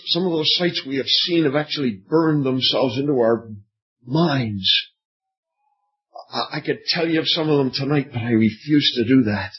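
A man preaching an evening sermon, slow and dramatic, with long pauses and repeated phrases. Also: medium pitch. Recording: dull lo-fi recording.

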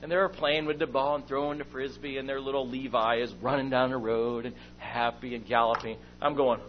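A man's voice: medium pitch, a little fast. A middle-aged man preaching and telling a family story, acting out moments as he goes. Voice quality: lively storyteller, acts out his own shouting and whispering. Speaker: speaker at a church meeting. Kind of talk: sermon with personal stories. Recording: dull lo-fi recording with faint hum.

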